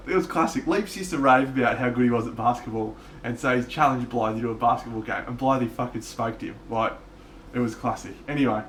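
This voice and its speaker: A man's voice: medium pitch, far from the mic, slight background noise. A man telling rambling stories to his stream chat, swearing freely and laughing along. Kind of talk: casual storytelling to stream chat.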